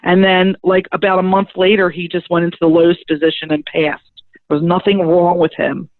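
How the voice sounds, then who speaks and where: A middle-aged woman, a spiritual medium and guest, telling her story in a lively, chatty way and acting out the conversations in it. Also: on the low side, brisk, dry recording. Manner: lively, chatty, acts out the dialogue in her stories. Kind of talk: animated personal storytelling. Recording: thin phone-like dry sound.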